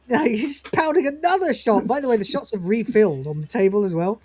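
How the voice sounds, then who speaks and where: A woman hosting a podcast, retelling a comedy scene in animated casual chat, laughing often and swearing freely. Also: medium pitch, a little fast, hardly any pauses, husky, no echo. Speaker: podcast host.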